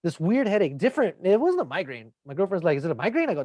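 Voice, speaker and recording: A young man co-hosting a casual podcast, swearing freely as he rambles through a story. His voice sits a bit high and sounds dry and close, with no room sound behind it. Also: sing-song, very fast, hardly any pauses, darkish tone, dry recording. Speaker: podcast co-host. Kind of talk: casual chat.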